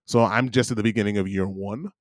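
A man's voice: lowish voice, steady tone, fast, no room sound, clean studio sound. A man chatting casually as a podcast co-host, telling a story with animation and acting out both sides of an argument. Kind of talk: casual chat. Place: living abroad.

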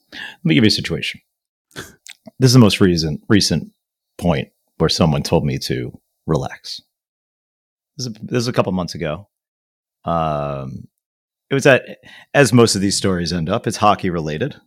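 Deep-voiced animated man. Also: normal speed, long pauses, no echo, studio quality. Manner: animated, swearing, sarcastic storyteller. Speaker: podcast co-host. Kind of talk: casual podcast chat.

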